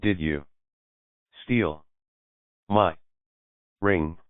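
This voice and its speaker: A man voicing a flustered, sharp-tongued young bride who snaps indignant questions. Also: deep voice, normal speed, smooth, no room sound, close to an everyday voice. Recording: dry, phone-like lo-fi audio.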